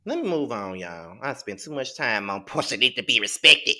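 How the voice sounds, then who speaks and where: A man's voice: medium pitch, very animated, normal speed, pushed and bright. A man hosting a live TV episode review, talking emphatically and repeating himself in exasperation. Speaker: host.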